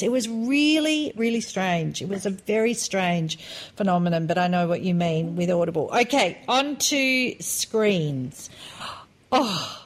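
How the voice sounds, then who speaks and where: A woman in her forties co-hosting a podcast, chatting casually and telling animated stories. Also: mid-range voice, measured pace. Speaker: podcast co-host. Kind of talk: casual chat.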